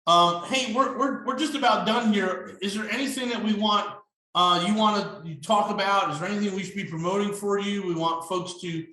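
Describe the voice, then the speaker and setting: A man's voice: sits high, a little fast, pushed and bright. A man hosting an interview, rambling with many restarts. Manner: rambling, full of restarts and fillers. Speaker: host. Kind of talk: casual interview chat. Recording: roomy echo.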